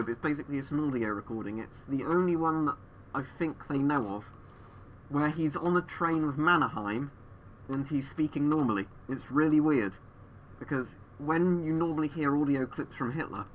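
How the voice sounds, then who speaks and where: A man's voice: medium pitch, slight background noise. A man streaming from home over a webcam, answering viewers in a rambling way, his voice muffled through a gas mask. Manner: rambling, thinking aloud with fillers.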